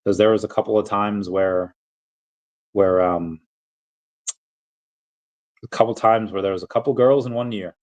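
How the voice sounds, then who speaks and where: A man's voice: lowish voice, steady tone, measured pace, long pauses, low-quality recording. A man casually chatting on a livestream, answering chat questions in a rambling, self-interrupting way with frequent chuckles.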